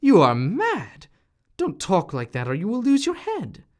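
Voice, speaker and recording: A man voicing a stern town apothecary who scolds in a loud, raised voice, in a storybook reading. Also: high-pitched, huge pitch swings, normal speed, pitched above the performer's own voice. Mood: scandalized.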